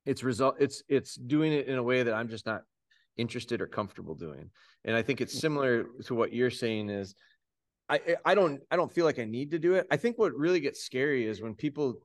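A man hosting a conversational podcast interview, reflecting on training methods and carefully qualifying his views. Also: mid-range voice. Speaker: podcast host.

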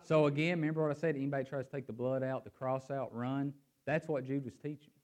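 A man's voice: medium pitch, fast. A man preaching a sermon and reading scripture aloud. He swings his emphasis up and down and repeats words as he thinks aloud. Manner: animated, rising and falling emphasis.

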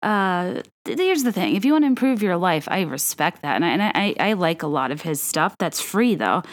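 A young woman hosting a podcast, chatting in a casual, animated rant full of fillers and self-corrections. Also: lowish voice, brisk. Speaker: podcast host.

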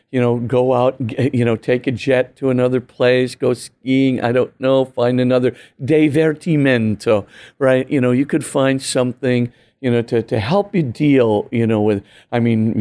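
A man's voice: mid-range voice, mellow. A man, a priest, explaining earnestly and emphatically in an interview, full of "you know" and "right?" asides. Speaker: priest and guest author. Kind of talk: animated teaching talk in an interview.

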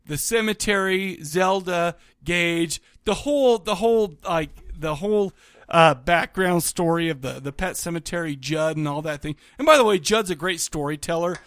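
Recorded dry and studio-clean, a man on the high side of the pitch range talks at normal speed in a fairly bright tone. As a podcast co-host chatting casually, he wanders through his thoughts, keeps starting sentences over, and laughs a lot.

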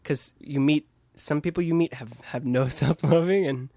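A man's voice: fairly high pitch, normal speed, mellow, no echo. A man from Kansas, a puppeteer, chatting in his puppet studio in a self-deprecating way with frequent laughs. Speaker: puppeteer guest. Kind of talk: casual interview.

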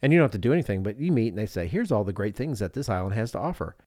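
A man's voice: on the low side, very animated, rapid-fire, mellow, no room sound, studio quality. A man in his thirties, a podcast co-host, telling a travel story in casual chat and slipping into voices of the people in it.

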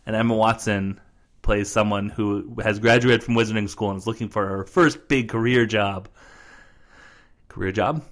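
A man's voice: fairly low pitch, fairly even intonation, moderate pace. A young man co-hosting a podcast, chatting casually in a jokey, rambling way with many fillers. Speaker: podcast co-host. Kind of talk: casual chat.

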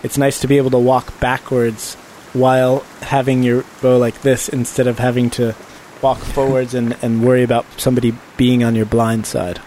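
A man's voice: mid-range voice, level tone, moderate pace, few pauses, dark tone, slight background noise, rough recording. A man playing a tabletop game, explaining his plans at length in casual chat and laughing often. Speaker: player.

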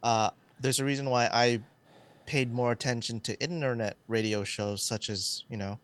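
Low-key guy guest, smooth clear voice, casual chat. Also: steady tone, moderate pace, a bit bright.

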